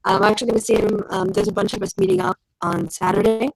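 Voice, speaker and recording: A woman's voice: a little high, fast talker, vocal fry, slight background noise, rough recording. A woman chatting as a guest on a video call, talking effusively and repeating herself as she gushes about friends. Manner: warm, effusive, repetitive, animated. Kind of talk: casual chat.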